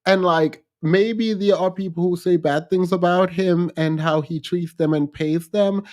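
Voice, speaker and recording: Reading viewer comments aloud on his livestream, a Jamaican host talks in a high-pitched, unhurried voice with a Jamaican accent. His chatter is playful and animated, full of repetition and frequent laughter.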